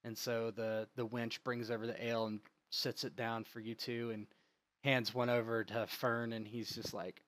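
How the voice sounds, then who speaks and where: A man's voice: medium pitch, little pitch movement, normal speed, a bit bright. A man narrating as game master, rambling and restarting while he describes the scene. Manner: rambling, with many fillers and restarts.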